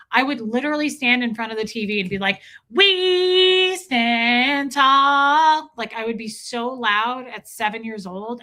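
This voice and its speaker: A woman hosting a livestream in casual chat, playful and loud, her voice going a little hoarse. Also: fairly high pitch. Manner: playful, sings along loudly between chatter. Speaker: livestream host.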